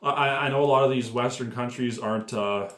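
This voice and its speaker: A man's voice: mid-range voice, a little fast, a bit bright, reverberant. A man giving a casual, profane commentary rant, rambling and full of fillers. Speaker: MMA commentary YouTuber.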